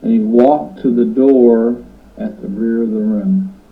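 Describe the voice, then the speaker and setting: A man recounting a dream in earnest spoken testimony, halting and repeating words, sleepless and urgent. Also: medium pitch, steady tone, creaky, narrow, tinny audio.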